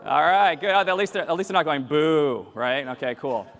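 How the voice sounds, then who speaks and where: A man from Boston giving a live keynote talk, quizzing the audience with quick questions. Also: on the high side, animated, fairly bright tone. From Boston, United States. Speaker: keynote speaker. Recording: long hall reverb.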